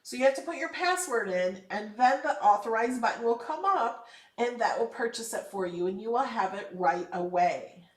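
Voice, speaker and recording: An upbeat woman hosting a live craft lesson, chatting and encouraging viewers with firm emphasis when she gives advice. Her voice sits a touch higher than most women's. It is recorded in an echoey room, a little away from the mic. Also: animated, moderate pace, recorded from a distance. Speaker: craft channel host. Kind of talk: casual live tutorial.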